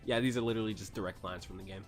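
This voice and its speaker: Sarcastic man reading aloud, low voice. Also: steady tone, racing, faint music behind. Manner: sarcastic asides, swears, stumbles over words. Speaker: YouTuber reading fanfiction aloud. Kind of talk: casual reading with commentary.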